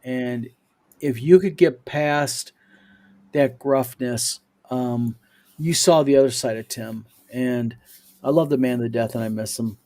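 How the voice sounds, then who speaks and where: A man's voice: mid-range voice, takes it slowly, mellow. Rambling man reading viewer mail. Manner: rambling, many fillers, chuckles while telling stories. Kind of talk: casual panel chat.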